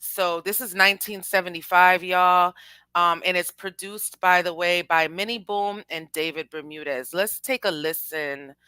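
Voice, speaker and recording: A young woman hosting a casual music commentary show, talking in an animated, slangy way and addressing her chat. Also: fairly low pitch, unhurried, clean tone, dry recording. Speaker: podcast host.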